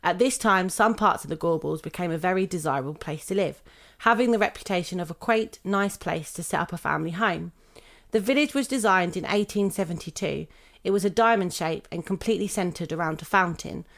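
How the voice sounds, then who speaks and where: A young British woman hosting a podcast, reading a prepared script in a steady, measured way. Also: on the low side, vocal fry. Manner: steady, measured reading, laughing now and then. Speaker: podcast host.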